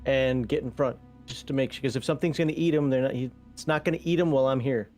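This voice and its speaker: A man speaking as a player in a live tabletop game, working out his moves deliberately and thinking aloud. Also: mid-range voice, darkish tone, soft background music. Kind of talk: casual tabletop play.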